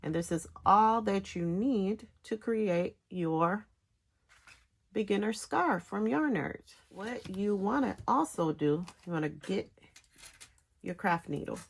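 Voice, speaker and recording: A woman giving a casual step-by-step knitting tutorial, talking in halting phrases with pauses between them. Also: mid-range voice, lively intonation, gravelly, slightly rough. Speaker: knitting instructor.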